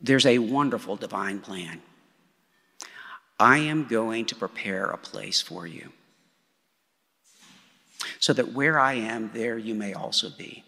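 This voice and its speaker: A preacher voicing a calm, solemn male teacher who consoles his followers in a soft, reassuring way. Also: fairly low pitch, slow pace, vocal fry, long pauses, full character voice. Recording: long hall reverb.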